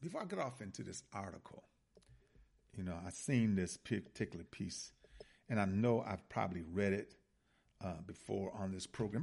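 Male radio talk host, low gravelly husky voice, impassioned and preachy. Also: lively intonation, measured pace, pauses often, a little mellow. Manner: impassioned, preachy, addresses listeners as brothers and sisters.

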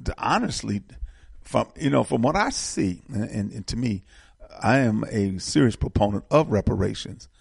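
A man's voice: lowish voice, animated, normal speed, vocal fry, a little mellow, husky, no echo, studio quality. A man hosting a casual political talk show, speaking with passion and often repeating words as he builds momentum. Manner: impassioned, repeats words when fired up.

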